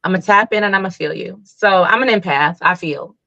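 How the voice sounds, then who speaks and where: Animated woman healer telling stories. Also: fairly low pitch, fairly quick, gravelly, dull audio. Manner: animated storyteller, acts out quoted voices. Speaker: Reiki healer guest. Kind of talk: casual interview talk.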